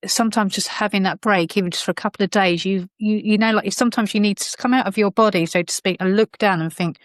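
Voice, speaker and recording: A woman recounts a hard stretch of her life as a podcast guest. She rambles through fillers and acts out what people said, in a mid-pitched voice. The recording is close and dry. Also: fast talker, dry recording. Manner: rambling, many fillers, acts out quoted dialogue. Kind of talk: personal life story told in conversation.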